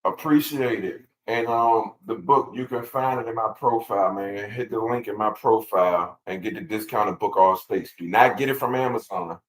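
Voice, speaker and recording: Low-voiced guy on a casual livestream, chill, repeats himself, talks right to the chat. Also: normal speed, hardly any pauses, poor audio. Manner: laid-back, repeats words, talks straight to viewers. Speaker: channel host answering live chat. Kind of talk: casual livestream, reading statutes and answering chat.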